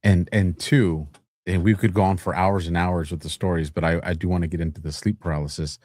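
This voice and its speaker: A man hosting a long-form interview podcast who talks in a relaxed, earnest, casual way. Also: low voice, fairly quick, dry recording. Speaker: podcast host.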